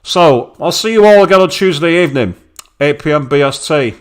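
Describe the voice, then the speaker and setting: A man's voice: a little high, lively intonation, brisk. A man, streaming a game live and speaking bluntly with heavy swearing and open anger. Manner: angry, blunt, swears heavily. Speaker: let's play streamer.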